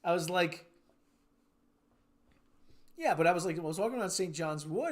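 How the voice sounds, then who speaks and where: Chatty rambling American man, higher voice. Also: expressive, normal speed, long pauses. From United States. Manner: rambling, chatty, with frequent restarts and silly put-on voices. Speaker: livestream host. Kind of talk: casual chat reading viewer comments.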